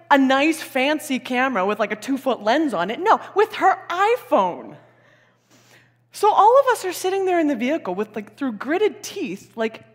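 A young woman preaches a sermon in a lively storytelling way, with chuckles and asides. Her voice swings widely in pitch. A long reverb hangs behind her, as in a church hall. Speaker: pastor.

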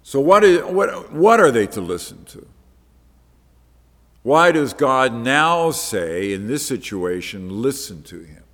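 A man's voice: medium pitch, big pitch swings, slow, a bit bright. Preacher man in a reverberant hall. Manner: conversational, explaining step by step. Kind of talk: Bible-teaching sermon.

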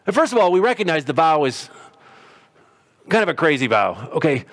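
A man's voice: fairly high pitch, sing-song, a little fast, fairly bright tone. A middle-aged man preaching a sermon in a conversational storytelling way, briefly acting out quotes. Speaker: pastor.

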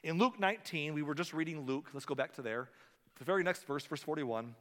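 Echoey, fairly high-voiced preacher. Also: male voice, a little fast, a bit bright. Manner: conversational, repeats and restarts words. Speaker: pastor. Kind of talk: sermon.

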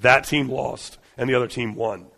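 A man delivers a sermon in an earnest, conversational manner, his voice sitting at an ordinary middle pitch. He talks it through loosely, doubling back on his words. His voice rings out with the long reverb of a large hall. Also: steady tone, moderate pace, vocal fry, bright, forceful tone. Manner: conversational and earnest, with frequent restarts and fillers. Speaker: preacher.

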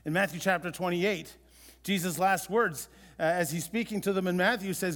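High-pitched male pastor, chatty sermon, lots of restarts, long hall echo. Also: fairly bright tone. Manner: conversational, with halting restarts.

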